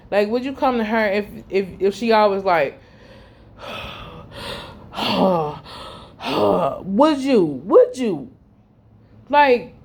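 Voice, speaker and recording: A young woman, telling a heartfelt personal story in a repetitive way that often trails off low and quiet. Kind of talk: emotional personal testimony.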